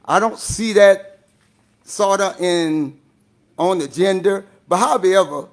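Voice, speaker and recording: A man from Louisiana, hoarse and losing his voice, making an urgent, emphatic public comment at a school board meeting while rushing against a time limit. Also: sits high.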